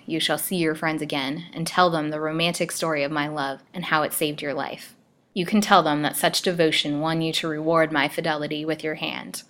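A woman's voice: low voice, a bit bright. A woman reading a storybook aloud and voicing a scheming villainous man who threatens and taunts a captive girl.

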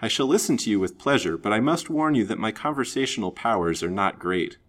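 A man voicing an earnest young gentleman in a storybook reading, courteous, formal and a little stiff. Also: fairly low pitch, expressive, brisk. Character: earnest, gallant young gentleman, polite and grave.

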